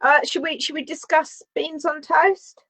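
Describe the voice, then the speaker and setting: A woman's voice: high voice, fairly even intonation, unhurried, sharp tone, dry recording. A woman with a Northern English accent, co-hosting a casual podcast chat and making dry, wry remarks. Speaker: podcast co-host. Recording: dry, dull lo-fi sound.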